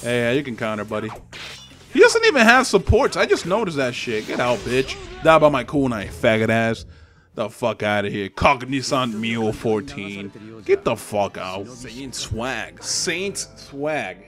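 A man's voice: mid-range voice, big pitch swings, a little slow, a bit bright, faint music behind. A young man with a Spanish accent giving loose, profane, trash-talking commentary while he plays a fighting game online. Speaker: gaming channel host. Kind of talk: live gameplay commentary.

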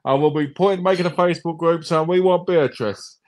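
A man's voice: on the high side, a little fast, a little mellow. Rambling, joking man on a livestream. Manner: joking, rambling, retells scenes with quoted voices. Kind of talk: casual livestream chat.

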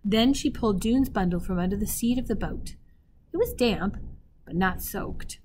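A woman teacher reading a children's novel aloud expressively, pausing to speak directly to her listeners. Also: mid-range voice, slight background noise. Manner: expressive, pauses to talk to listeners.

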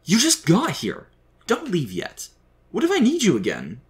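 A man voicing Sam, a grieving young man who speaks softly and sincerely in an audio storybook. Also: on the low side, animated, a little fast, breathy edge. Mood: frantic pleading.

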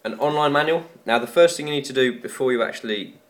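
A man's voice: medium pitch, fast. A man talking casually through an unboxing, rambling and joking at his own expense. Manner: rambling, chatty and self-mocking. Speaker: tech YouTuber.

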